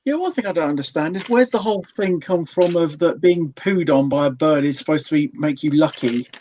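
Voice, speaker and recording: A man's voice: fairly high pitch, brisk, a little mellow, dull audio, a little hiss or hum. A man joining a casual chat as a guest, making dry, wry remarks.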